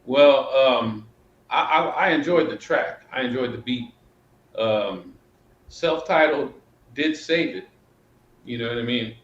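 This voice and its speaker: A man's voice: medium pitch, slow pace. Male co-host in a roomy muffled recording. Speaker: podcast co-host. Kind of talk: casual chat. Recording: roomy, muffled with faint noise.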